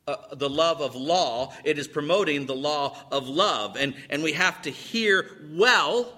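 A man preaching a sermon, telling stories dramatically and repeating words as he starts phrases. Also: fairly high pitch. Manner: dramatic storytelling, swings between loud and hushed. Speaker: pastor.

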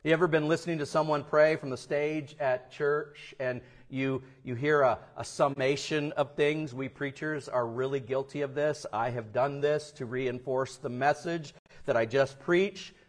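A male pastor preaching a sermon, telling stories and acting out the people in them with big swings in loudness. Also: medium pitch, steady tone, normal speed. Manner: storytelling, acts out quoted voices with big swings in loudness.

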